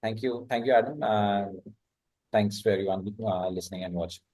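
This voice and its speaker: A man's voice: fairly low pitch, fairly quick, darkish tone. A man hosting a podcast interview, speaking hesitantly with frequent "uh" fillers. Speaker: podcast host.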